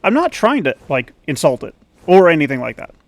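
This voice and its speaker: A man's voice: on the high side, very animated, a little fast, vocal fry, no room sound. A man giving rambling, self-conscious commentary as a YouTuber while playing a game. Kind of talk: casual gaming commentary.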